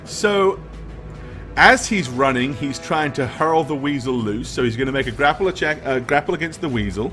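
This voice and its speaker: A man's voice: mid-range voice, animated, normal speed, over music. A man running a tabletop game as game master, narrating rolls and actions with laughs.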